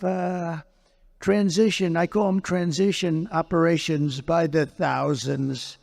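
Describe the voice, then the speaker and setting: A man with a fairly high speaking voice talks in an unscripted interview. He hammers his points and keeps repeating phrases. He speaks as a politician answering a host's questions. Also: steady tone, slow pace, vocal fry, a little mellow. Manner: emphatic and repetitive, circles back to phrases.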